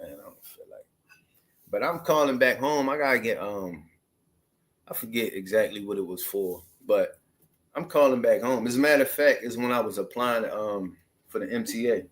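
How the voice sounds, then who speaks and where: A man's voice: on the low side, a bit bright. Slangy man in his thirties rambling. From Maryland, USA. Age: 30s. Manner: loose, slangy street talk with many asides. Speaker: vlogger. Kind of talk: casual storytelling monologue.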